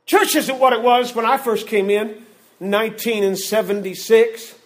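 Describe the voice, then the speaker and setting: An older man, a preacher, delivering a fervent sermon, often shouting and repeating his lines in rhythm. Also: sits high, steady tone, normal speed.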